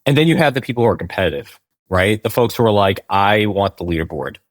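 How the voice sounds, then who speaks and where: A man's voice: fairly low pitch, lively intonation, fast talker, no echo. A man, a game company founder, explaining in a conversational interview, tagging points with "right?" and restarting sentences.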